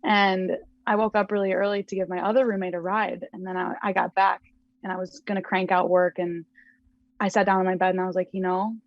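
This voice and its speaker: A young woman, a podcast guest, chatting casually and telling a lively story with frequent laughs. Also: lowish voice, brisk, creaky, no room sound, lo-fi sound. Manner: animated storyteller, laughs often.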